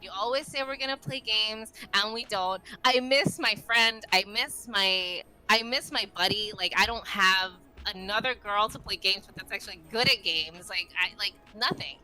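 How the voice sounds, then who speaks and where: A woman's voice: medium pitch, moderate pace, hardly any pauses, bright, forceful tone, low-quality recording. A woman voicing her fed-up gamer friend, pleading and exasperated.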